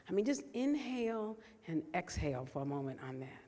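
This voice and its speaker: A woman giving a conversational, earnest sermon to a room full of people, slowing down to stress key words. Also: lowish voice, sing-song, dark tone. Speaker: speaker at a church service. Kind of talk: sermon with personal story. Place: large room with an audience. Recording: long reverb of a large hall.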